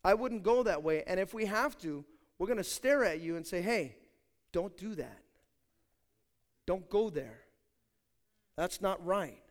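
In a high-pitched voice, a male pastor preaches an emphatic sermon directly to his congregation. He shifts between quiet asides and loud declarations.

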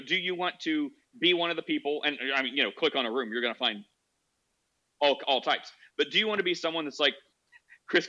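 A man's voice: on the high side, pushed and bright, dull audio. A man hosting a casual Christian discussion podcast, talking earnestly and acting out the voices of people in his examples. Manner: earnest, acts out quoted voices. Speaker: podcast host.

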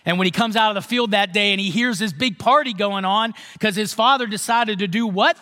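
A man's voice: high-pitched, brisk, few pauses, bright, forceful tone, long reverb tail. A male pastor giving a sermon in a conversational way, often checking with the congregation. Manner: conversational, asks the congregation questions.

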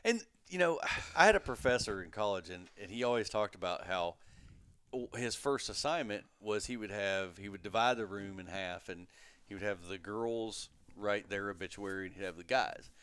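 A man in his thirties telling a story on a podcast in casual chat, animated and acting out the voices of the people in it. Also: fairly low pitch, moderate pace, clear, resonant tone. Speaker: podcast guest.

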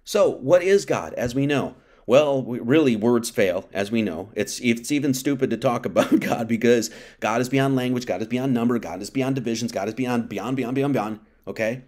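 A man's voice: medium pitch, normal speed, few pauses, darkish tone. A man giving an informal sermon, talking casually, reading scripture and acting out quotes, with many restarts. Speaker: preacher.

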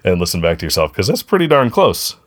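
A man with a very low, deep voice hosts a podcast in easygoing chat. He rambles, circles back and corrects himself mid-thought in a friendly tone. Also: very animated, quick pace, fairly bright tone. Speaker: podcast co-host. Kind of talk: casual chat.

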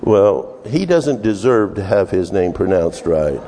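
A man preaching a sermon, working through scripture in an unhurried, halting way with many restarts. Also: sits low, big pitch swings, a crowd in the background. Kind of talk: sermon with verse study. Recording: long hall reverb.

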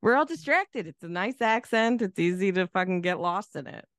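Animated, swearing woman podcast co-host. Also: moderate pace, no room sound, studio quality. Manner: animated, profane, quotes characters with big pitch jumps. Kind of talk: casual movie chat.

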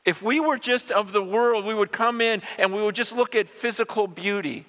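A man preaching a sermon as pastor, animated, often repeating words and acting out the people he quotes. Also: high voice, fast talker, few pauses. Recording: long reverb of a large hall.

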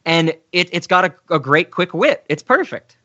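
A man chats casually as a co-host, talking with enthusiasm and peppering his talk with filler words. His voice sits a little high and has a bright, forceful edge. The recording sounds dull. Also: lively intonation, normal speed. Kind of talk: casual chat.

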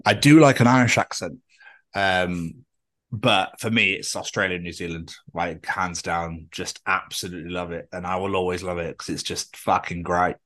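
Laid-back, low-voiced Scottish-born guy. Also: steady tone, moderate pace, a bit bright. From Scotland. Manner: laid-back and blunt, swears casually. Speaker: podcast co-host. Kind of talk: casual chat.

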